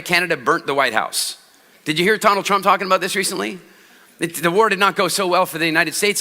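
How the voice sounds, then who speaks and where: A bright, forceful male speaker on stage, pitched fairly high for a man, acting out little scenes and throwing questions at the crowd. His voice rings through a big hall with a long tail of reverb. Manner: animated storytelling, acts out voices and asks the audience questions. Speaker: motivational speaker. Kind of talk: live stage talk to an audience.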